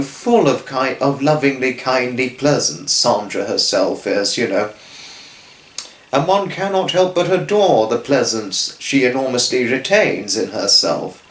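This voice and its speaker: A man's voice: mid-range voice, echoey room, rough recording. A man hosting his own channel, giving a rambling, effusive spoken tribute to friends, full of restarts and fillers. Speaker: channel host.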